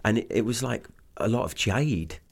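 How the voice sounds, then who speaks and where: Animated and on the low side, with vocal fry and a moderate pace, this English-accented business owner chats as a guest. He wanders through the conversation, restarting often and leaning on fillers.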